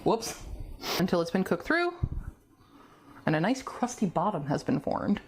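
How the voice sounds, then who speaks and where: A woman's voice: lowish voice, big pitch swings, measured pace, slightly rough. A woman hosting a casual cooking vlog from her home kitchen. She rambles and laughs a lot, and talks to herself as she works. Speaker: cooking video host.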